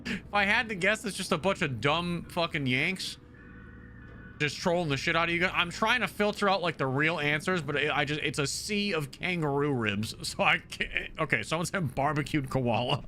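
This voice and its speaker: On the high side and expressive, this young American man's pushed, bright voice moves at a moderate pace over slight background noise. As a game streamer, he reads chat out loud and answers viewers in a joking, brash, profane manner.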